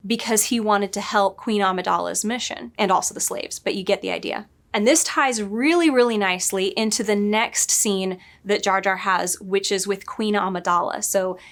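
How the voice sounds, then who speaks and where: A middle-aged woman talking casually to camera as a story editor. She thinks aloud as she goes, catches and corrects herself often, and laughs lightly at her own tangents. Her pitch sits in a middling range for a woman. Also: normal speed, hardly any pauses.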